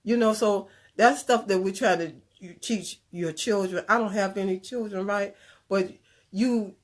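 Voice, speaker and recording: A woman telling a personal story in a conversational talk, animated and earnest, drifting into preachy asides. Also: mid-range voice. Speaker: speaker sharing a personal story. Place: Chicago area.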